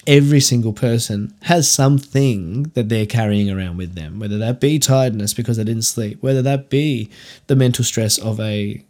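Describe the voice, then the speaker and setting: A man's voice: mid-range voice, a little mellow. A young Australian man hosting a solo podcast, talking candidly in a rambling way with many fillers and restarts. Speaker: podcast host.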